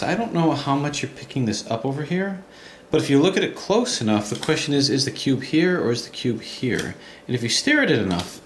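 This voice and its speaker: A man's voice: mid-range voice, a bit bright. A man who collects puzzles, chatting enthusiastically in a casual unboxing demonstration at home at night while he handles a puzzle. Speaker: puzzle collector and video host. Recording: noisy home video with clicks.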